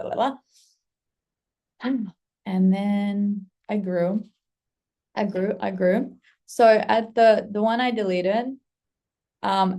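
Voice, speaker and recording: A young woman tells a story straight to camera in a relaxed vlog style. Her voice is mellow with a gravelly edge. She is animated and slips into quoted asides. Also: mid-range voice. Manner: animated, swearing, acting out past excitement in quoted asides. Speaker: content creator.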